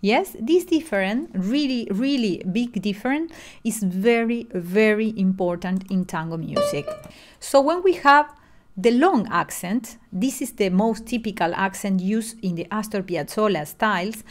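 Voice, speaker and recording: A woman's voice: medium pitch, lively intonation, a little slow. Woman teaching tango piano. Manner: explanatory, with frequent fillers and restarts. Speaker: music lecturer. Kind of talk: online music lesson.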